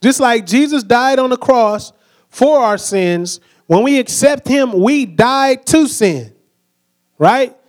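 A young male preacher delivers an animated sermon in a high, bright voice. He acts out the people he quotes and keeps asking the congregation to repeat words after him. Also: slow. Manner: energetic, acts out quoted voices, asks the crowd to answer back.

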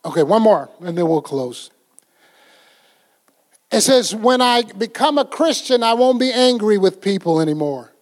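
A man's voice: high voice, very animated, unhurried. An older man preaching a folksy, conversational sermon, acting out little scenes as he goes. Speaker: pastor.

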